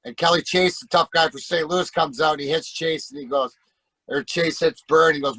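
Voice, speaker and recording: As a podcast guest, a middle-aged former hockey player tells rowdy, profane stories and does other people's voices along the way. His slightly high voice is brisk and sharp with fairly even intonation. The close podcast mic gives a dry, echo-free sound, though the recording quality is low.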